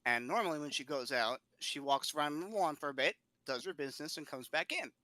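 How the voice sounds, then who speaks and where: A man on a podcast, telling a funny story in a lively way and laughing often. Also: a little high, brisk, no echo. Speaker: podcast co-host. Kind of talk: casual storytelling chat.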